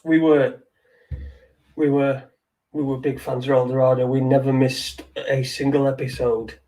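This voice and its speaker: A man's voice: medium pitch, flat delivery, unhurried, mellow. A middle-aged man, rambling in sweary, wry late-night chat as a podcast host, heard from a little way off the mic. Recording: distant from the mic.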